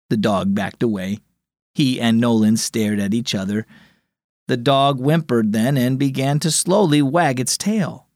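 A man hosting a children's devotional program, narrating a scripted story with an expressive read-aloud manner. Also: medium pitch, unhurried, no room sound, studio quality.

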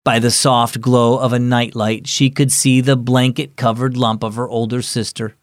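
A man's voice: mid-range voice, flat delivery, normal speed, no echo, studio quality. A man hosting a children's devotional, reading a story in scripted narration, earnest and friendly toward kids.

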